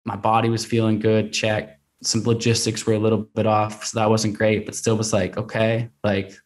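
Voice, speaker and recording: A man's voice: lowish voice, completely flat delivery, moderate pace. A man in his thirties, a guest on a podcast, telling a long story in an earnest, rambling way full of restarts and "like" and "man".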